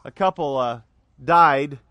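High-voiced preacher man, dry close sound. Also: slow, sharp tone, dry recording, highs cut off. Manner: call-and-response, joking asides, emphatic repetition. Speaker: pastor. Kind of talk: sermon.

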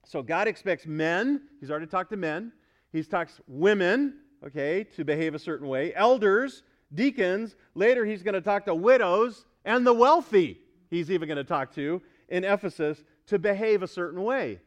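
A man's voice: sits high, lively intonation, normal speed, muffled recording. A male pastor preaching a sermon at a church service, emphatic and quizzing the congregation with questions.

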